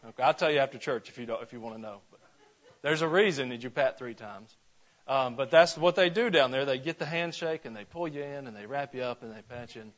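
A man's voice: medium pitch, a bit bright, muffled recording. A man from Georgia preaching a conversational sermon to his church, folksy and full of questions to the congregation. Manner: folksy, asks the congregation questions, frequent restarts. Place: church sanctuary.

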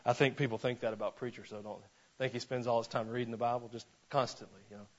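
A male pastor preaching a sermon in church, folksy, with joking asides, slowing down to stress scripture. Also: medium pitch, fairly even intonation, highs cut off.

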